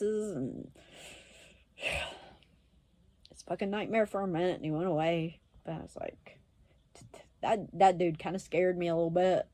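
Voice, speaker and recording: Blunt, foul-mouthed woman telling a story; low, dark voice, dry recording. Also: dry recording. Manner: blunt, swearing, laughing often, acts out quoted voices. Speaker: self-described witch and medium, vlogger. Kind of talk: casual storytelling to camera.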